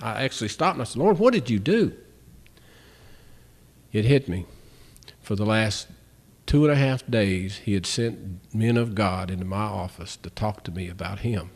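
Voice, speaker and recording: A man's voice: lowish voice, breathy edge. A man giving a spoken Christian testimony, telling stories with folksy grammar and acting out both sides of conversations. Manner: storytelling, acts out both sides of dialogues.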